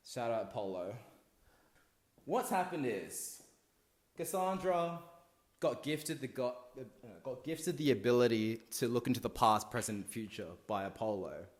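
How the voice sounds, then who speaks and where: A man's voice: mid-range voice, lively intonation, a little slow, reverberant. Tipsy young man rambling through a story. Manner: rambling, slangy, loud asides. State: drunk. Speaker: comic storyteller. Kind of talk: casual comic retelling of a play.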